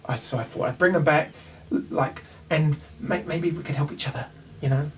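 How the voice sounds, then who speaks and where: A man's voice: a little high, normal speed, distant mic, slight background noise, close to an everyday voice, poor audio. A man voicing a female warrior who brags about her fighting, then hedges and rambles as her confidence slips. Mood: pleading. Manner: rambling, self-aggrandizing, hesitant. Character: female warrior, bragging, losing her nerve.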